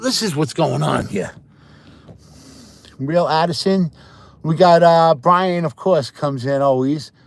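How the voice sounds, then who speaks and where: A man's voice: fairly high pitch, slow, creaky, long pauses. A man live-streaming on his phone, chatting casually and rambling, repeating himself and greeting viewers by name, mostly outdoors in a windy parking lot. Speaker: livestreamer. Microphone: handheld phone. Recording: phone mic with loud wind noise.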